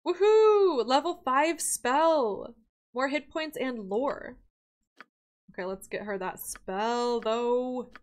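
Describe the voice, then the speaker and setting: A young woman streaming a game, chatting in a bubbly, giggly way and greeting her chat by name. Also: sits high. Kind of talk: casual livestream chat.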